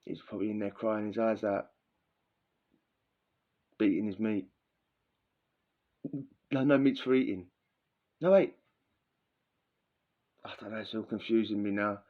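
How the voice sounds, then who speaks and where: A man's voice: on the low side, steady tone, unhurried, long pauses. A man, telling crude stories in a casual, slangy way, full of swearing and laughter. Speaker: podcast host. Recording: dull lo-fi recording.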